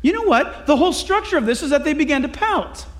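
Very high-voiced male preacher. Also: fast. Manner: lively, conversational, humorous preaching. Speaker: pastor. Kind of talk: sermon.

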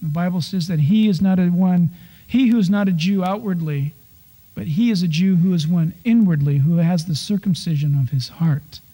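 A male pastor delivers a story-filled sermon, animatedly impersonating people's complaints with exaggerated voices. He has a high voice and keeps a moderate pace.

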